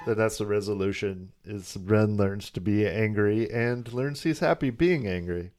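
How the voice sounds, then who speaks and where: A man co-hosting a podcast, recapping cartoon episodes in casual chat with wry, deadpan jokes. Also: lowish voice, measured pace, soft background music. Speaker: podcast co-host.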